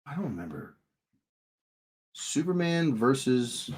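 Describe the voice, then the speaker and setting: With a lowish, expressive voice, this man in his thirties takes his time and pauses often while he draws on stream. An illustrator, he chats and jokes with viewers, wanders off on tangents, reads the chat aloud and restarts his sentences a lot.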